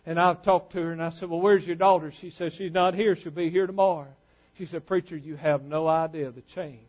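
A male preacher, moving between quiet storytelling and loud, drawn-out preaching. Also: high-pitched, lo-fi sound. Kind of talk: sermon with storytelling.

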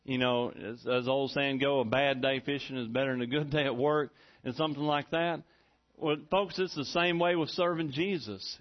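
A middle-aged man preaching a sermon as pastor, folksy and rising to loud, excited preaching. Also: medium pitch, normal speed. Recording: dull lo-fi recording.

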